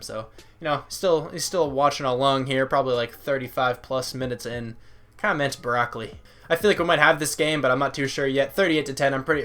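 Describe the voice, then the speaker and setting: A young man talks through a football video game at a relaxed, rambling pace, thinking out loud and chatting with his viewers. His voice sits at an ordinary middle pitch, recorded close on a desk mic in a room at home. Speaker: gaming YouTuber. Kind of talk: casual let's-play commentary.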